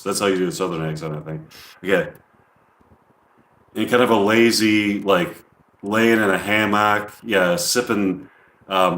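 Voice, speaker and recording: A man hosting a comedy livestream, chatting casually in a quiet, halting way full of ums. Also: lowish voice. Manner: quiet, halting, filler-heavy musing. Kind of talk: casual rambling chat. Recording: roomy echo.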